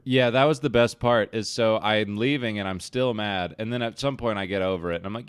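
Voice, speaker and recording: A man's voice: lowish voice, brisk, hardly any pauses, clear, resonant tone, no echo, soft background music. A young man co-hosting a comedy podcast, telling a profane, self-mocking story. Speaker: podcast co-host.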